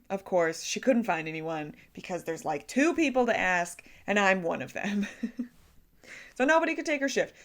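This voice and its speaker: A young woman vlogger telling a story about her day in a casual, animated way, laughing at herself often. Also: medium pitch. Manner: animated, self-deprecating storytelling with frequent laughs.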